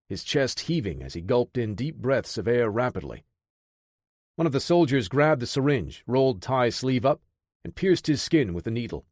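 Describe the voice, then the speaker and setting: Reading a scripted military thriller, this male audiobook narrator keeps his delivery steady and measured. His voice falls in an ordinary middle pitch range. The recording is close and dry, free of any room sound.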